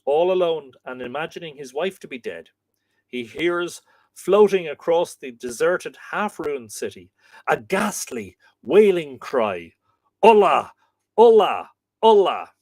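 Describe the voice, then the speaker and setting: An Irish man hosting a live show, reading a book chapter aloud with dramatic pauses and slower quoted passages. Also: on the high side, expressive, a little mellow, no echo.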